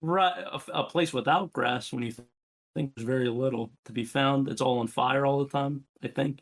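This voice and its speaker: A young man co-hosting a casual, jokey chat that ranks game characters, his voice jumping up high for playful bits. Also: moderate pace. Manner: animated, jokey, pitch jumps up for bits. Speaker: co-host ranking game characters. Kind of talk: casual banter.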